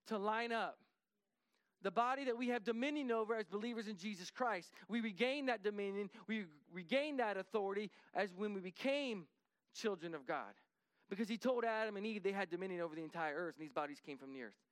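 A man with a notably high voice recounts a story in a lively, conversational way. He often restarts and repeats himself. When he voices other people, he drops into a hushed tone. The recording is close and dry, with no room sound. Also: no room sound. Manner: lively, acts out dialogue, drops to a hushed voice for quotes; frequent restarts and repetitions.

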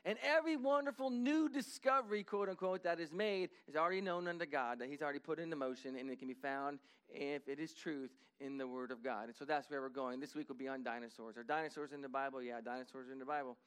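A middle-aged man preaching a sermon as pastor, talking animatedly and rising to emphatic high points. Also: quick pace, hardly any pauses, fairly bright tone, clean tone.

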